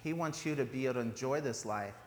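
A man's voice: medium pitch, fast talker. Guy giving a laid-back sermon, jokes around, lots of ums, big echoey church hall, bit of noise behind. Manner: chatty, joking, with fillers and restarts. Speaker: preacher. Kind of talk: informal sermon. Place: church sanctuary. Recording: reverberant church hall, faint background noise.

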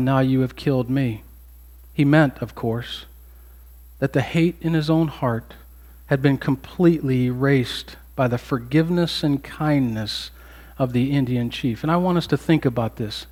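A man preaching a sermon as pastor, earnest and emphatic, with repeated phrases and pauses. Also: on the high side, darkish tone.

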